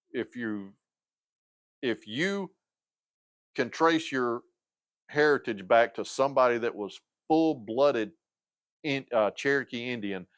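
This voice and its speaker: A man's voice: lowish voice, no room sound. A man in his fifties hosting a casual livestream chat, rambling, losing his train of thought and filling gaps with lots of uhs and restarts. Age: 50s. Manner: hesitant, many fillers and restarts. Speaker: livestream host.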